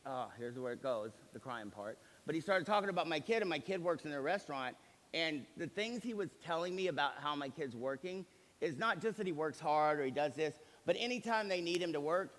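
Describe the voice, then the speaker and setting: A man in his forties, a company executive, giving a motivational seminar talk and acting out the dialogue in his stories. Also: on the high side. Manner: animated storyteller who acts out quoted dialogue. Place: large hall with live audience. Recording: reverberant hall sound.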